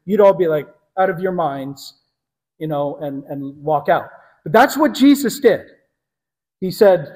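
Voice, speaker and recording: A man preaching a sermon to a congregation in a conversational teaching manner, pausing to correct himself. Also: sits high, lively intonation, a little mellow, in a large hall, rough recording.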